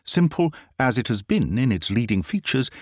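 A man voicing a brisk, confident Victorian gentleman detective in a storybook reading, with a crisp, assured manner. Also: medium pitch, sing-song, no echo, clean studio sound. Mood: explaining.

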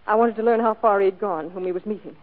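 A woman's voice: mid-range voice, quick pace, close to an everyday voice. A woman playing a pleading, frightened schemer. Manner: breathy, pleading and dramatic. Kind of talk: 1940s radio acting. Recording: tinny old radio broadcast recording.

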